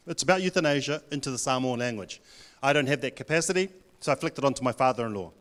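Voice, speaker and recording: A man's voice: mid-range voice, animated, fast talker, fairly bright tone. A man, a Pacific director giving a blunt, joking talk to a live audience at a church event. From New Zealand. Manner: blunt, joking, plays to the crowd.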